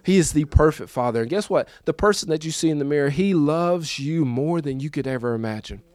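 A man in his thirties preaching a personal testimony in a conversational, emotional way, moving from quiet recollection to raised, emphatic lines. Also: a little high, animated, a little fast, dry recording. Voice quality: conversational, emotional, repeats himself. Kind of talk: testimony sermon.

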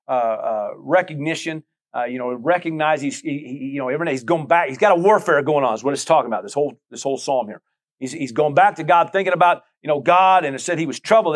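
A man's voice: fairly high pitch, fairly bright tone. Conversational male pastor preaching. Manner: conversational preaching with many asides and repetitions. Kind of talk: sermon.

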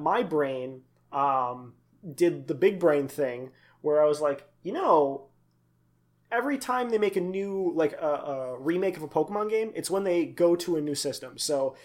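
A young man co-hosting a casual podcast, rambling with lots of fillers and asides. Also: fairly high pitch. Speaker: podcast co-host. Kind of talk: casual chat.

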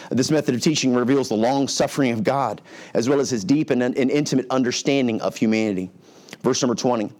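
A man's voice: fairly high pitch, a little mellow. A middle-aged man preaching a verse-by-verse sermon as pastor, talking in a casual, conversational way and briefly acting out the voices of the people he describes. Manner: conversational, acts out characters' lines. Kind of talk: expository sermon.

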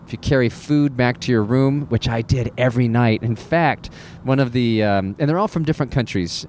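Sarcastic ranting male comedian. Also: a little hiss or hum. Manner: animated and sarcastic, jumps into high incredulous squeaks. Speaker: cruise ship entertainer. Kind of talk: comic storytelling rant.

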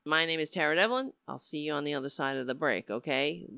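A woman's voice: deep voice, fast, creaky, music in the background. Emotional rambling woman talk host. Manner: emotional, rambling, trails off and restarts. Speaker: host of a political talk show. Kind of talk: casual livestream commentary.

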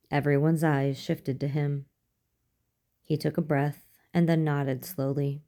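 A woman narrating a story aloud in a steady, even manner. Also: sits low, a little slow. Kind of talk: audiobook reading.

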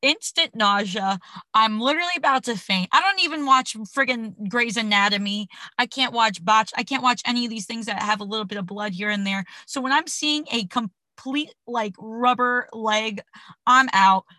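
A young woman hosts a podcast in a loose, chatty way, full of slang and big dramatic reactions. Her voice is bright and forceful. It sounds dry and close, with no room echo. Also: on the high side, moderate pace. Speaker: podcast host. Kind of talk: casual chat.

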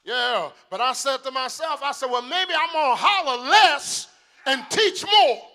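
A man's voice: very high-pitched, expressive, normal speed, sharp tone. An older male pastor preaching in an old-school hollering style, calling on the congregation to answer back. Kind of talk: sermon.

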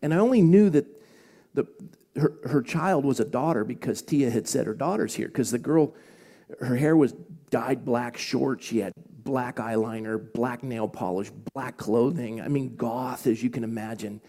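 A male pastor telling a personal story in a sermon, confessional and animated, acting out the other people's voices as he goes. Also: mid-range voice, a little slow.

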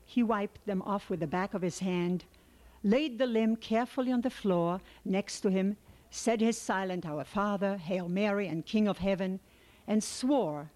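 A woman reading an excerpt from a translated novel aloud in a measured, steady way. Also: mid-range voice. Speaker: reader.

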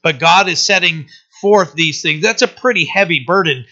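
Bright-voiced man teaching a Bible passage. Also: on the high side, normal speed. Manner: conversational, often asking "right?". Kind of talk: casual verse-by-verse Bible teaching. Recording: dull lo-fi sermon recording.

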